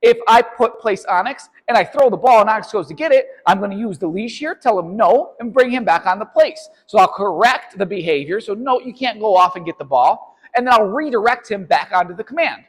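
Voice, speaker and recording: Sitting high and sounding animated, a male dog trainer talks a little fast with hardly any pauses. The low-quality recording has a long reverb tail. In this instructional training video he explains obedience step by step, checking in with "right?" and "okay?".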